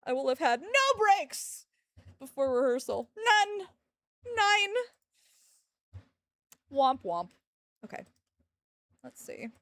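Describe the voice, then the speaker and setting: A woman's voice: high voice, sing-song, a little slow, pauses often, a bit bright, no room sound, clean studio sound. A woman streamer chatting casually with her audience, rambling and joking and talking to her dogs between thoughts. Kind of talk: casual live-stream chat.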